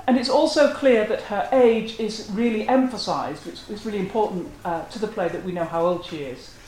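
A lecturer talks through a literary analysis in a measured, scholarly way, at a mid-range pitch. The voice rings out in a roomy space, and a faint hiss sits underneath. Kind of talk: academic lecture. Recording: roomy echo.

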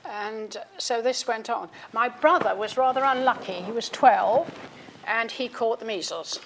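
A woman's voice: a little high, unhurried, fairly bright tone, slight background noise. An older woman, an author giving a public talk, reads passages from her own book and fills the gaps with ums and restarts. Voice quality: frequent ums and restarts between readings.

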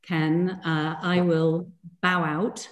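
A woman hosts a film talk in a formal, measured voice that is low and flat. Her voice carries some room echo. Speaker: event host. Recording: echoey room.

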